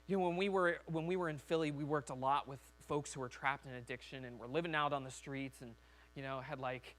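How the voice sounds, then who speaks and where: A man's voice: medium pitch, fairly even intonation, a little fast, fairly bright tone. A man preaching a sermon as a pastor in a church, talking conversationally and acting out quoted voices.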